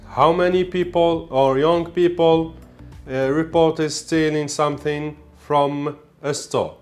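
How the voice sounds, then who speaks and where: A man with an Algerian accent, an English teacher slowly walking through an exam, repeating key words as he explains. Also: fairly high pitch. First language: Arabic. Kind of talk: exam walkthrough lesson.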